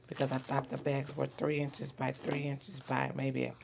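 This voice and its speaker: A woman who has lost her voice, sounding hoarse and gruff as she casually shows her craft supplies, pausing often with "um". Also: extremely low pitch, completely flat delivery, a little mellow, slight background noise. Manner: unhurried, many "um" fillers. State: hoarse, voice not yet recovered. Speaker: craft seller and vlogger. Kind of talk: casual show-and-tell.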